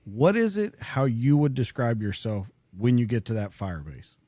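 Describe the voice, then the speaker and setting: A male podcast host asks a string of probing questions. His voice is dark and mellow but lively, rising and falling a lot, and the recording is dry and close. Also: mid-range voice, moderate pace, dry recording. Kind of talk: interview questions.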